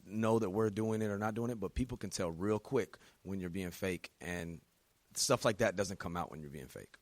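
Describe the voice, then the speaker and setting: A man's voice: low-pitched, normal speed, dry recording. A man hosting an interview, who keeps affirming his guest and adds his own reflective thoughts. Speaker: podcast host. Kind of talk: interview chat.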